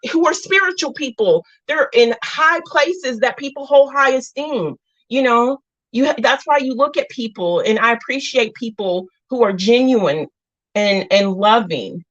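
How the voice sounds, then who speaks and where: A middle-aged woman hosting a casual livestream, chatting warmly and affectionately with her viewers, calling them girl and mama. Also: fairly high pitch, dry recording. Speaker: livestream host. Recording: dull lo-fi dry sound.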